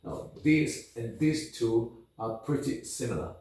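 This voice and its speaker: A man teaching an English phonetics lesson, drawing out each example sound slowly and deliberately. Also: on the low side, lively intonation, darkish tone, heavy reverb, far from the mic. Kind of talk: phonetics lesson with model words.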